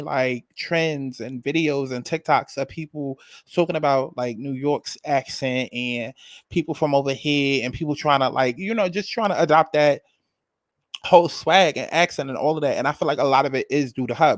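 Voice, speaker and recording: Sassy, animated man recapping reality TV. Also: fairly high pitch, no room sound. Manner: animated, sassy, profane, repeats phrases for emphasis. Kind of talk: casual recap commentary.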